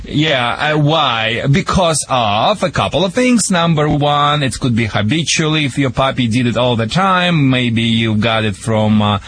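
A man's voice: medium pitch, lively intonation, measured pace, hardly any pauses, a bit bright, slightly rough, dry recording. A man with a Russian accent giving playful dog-training advice on a call-in radio show, in broken English full of jokes and boasts.

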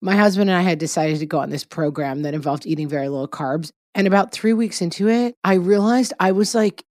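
A middle-aged woman co-hosting a podcast in casual chat, telling stories in an animated, self-mocking way. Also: on the low side, fairly quick, no room sound, clean studio sound. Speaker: podcast co-host.

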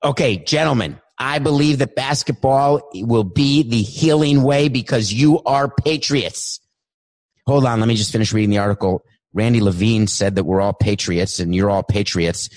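A man putting on a slower, slightly higher voice to play a rambling, cheerful older doctor. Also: a little mellow, natural voice. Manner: slow, rambling, meandering.

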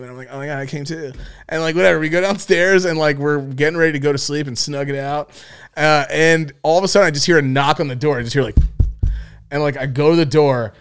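A man's voice: fairly high pitch, fairly bright tone, clear, resonant tone. A young man co-hosting a podcast, telling a story in casual chat, acting out the quotes and laughing often. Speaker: podcast co-host.

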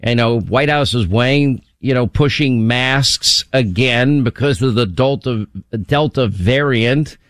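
A man's voice: medium pitch, unhurried, few pauses, no room sound. Talk radio host, male, dry close studio sound, wry and rambling.

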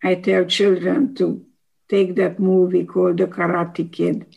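Slow, gravelly woman in her nineties. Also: fairly low pitch, flat delivery, highs cut off. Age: 90s. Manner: slow, emphatic, wise advice-giving. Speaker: guest. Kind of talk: conversational interview.

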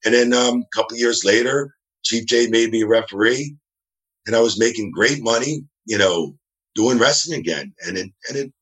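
A middle-aged man from New Jersey, a guest telling animated, rambling stories in a casual interview. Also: mid-range voice, moderate pace, rough recording. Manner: rambling, animated, acts out quoted dialogue.

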